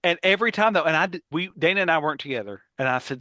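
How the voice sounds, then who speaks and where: A middle-aged man co-hosts a casual podcast chat. His voice is bright and somewhat high. He tells animated stories and laughs easily, and the sound is dry and close. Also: very fast, hardly any pauses, dry recording. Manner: animated storyteller, acts out voices, laughs often. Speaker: podcast co-host.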